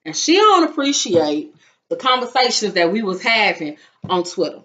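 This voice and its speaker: Animated and dramatic, a young woman recounts a story for her vlog, voicing the quoted lines as she goes. Her mid-range voice moves at a normal speed over dull lo-fi sound.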